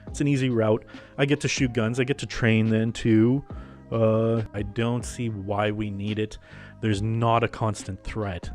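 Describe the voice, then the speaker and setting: A man's voice: on the low side, flat delivery, a little slow, darkish tone, soft background music. A man hosting a casual comedic podcast, ranting in a profane, jokey way. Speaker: podcast host.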